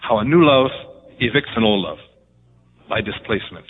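A man preaching a sermon with animated storytelling, jumping up in pitch to act out quotes. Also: normal speed. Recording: tinny phone-like band.

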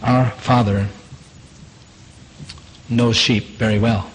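A man's voice: medium pitch, steady tone, slow pace, a little hiss or hum, low-quality recording. A man preaching a sermon in an earnest, repetitive way, asking rhetorical questions.

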